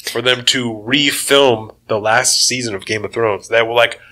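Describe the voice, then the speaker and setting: A man's voice: mid-range voice, moderate pace, crowd noise. A man co-hosting a podcast, ranting in casual chat, swearing often and laughing as he talks. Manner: profane, animated ranting with laughs. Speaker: podcast co-host.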